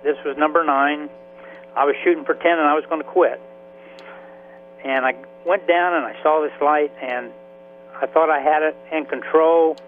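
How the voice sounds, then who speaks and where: A man in his seventies, a veteran and author, telling his story in a halting, emotional way with many restarts. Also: a little high, fairly even intonation. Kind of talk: radio interview by phone. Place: Florida. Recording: tinny phone line with faint hiss.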